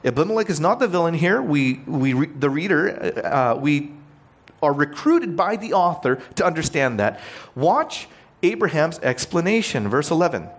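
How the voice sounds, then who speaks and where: Lively, fairly high-voiced male preacher. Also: moderate pace. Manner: explains scripture plainly, asks the listeners questions. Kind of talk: conversational expository sermon.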